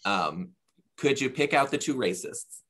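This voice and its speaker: A man hosting a casual chat show, chatty and quick to giggle as he leads each segment. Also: medium pitch, lively intonation, fairly bright tone, a little hiss or hum. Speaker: podcast host.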